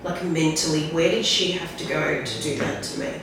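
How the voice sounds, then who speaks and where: A woman guest telling a candid personal story in a rambling, halting way, often tagging lines with "right?". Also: sits low. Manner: rambling, tag questions like "right?"; halting, restarts when emotional. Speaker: podcast guest. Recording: very echoey room, distant mic, faint noise.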